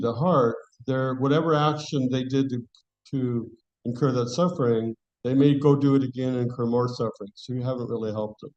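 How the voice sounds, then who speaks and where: Man, scripture class speaker, mellow warm tone, conversational, restarts phrases. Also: mid-range voice, muffled recording.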